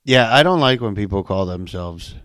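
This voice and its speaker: Male podcast co-host, lower voice, ribbing his partner, dry close mic. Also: expressive, moderate pace, fairly bright tone, clean tone, no echo. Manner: teasing, joking. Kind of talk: casual chat.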